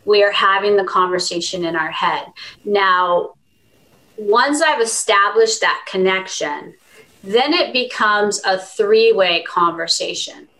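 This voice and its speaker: A woman's voice: medium pitch, slow, bright, forceful tone, low-quality recording. Earnest woman telling heartfelt stories. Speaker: animal communicator podcast guest. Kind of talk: conversational interview.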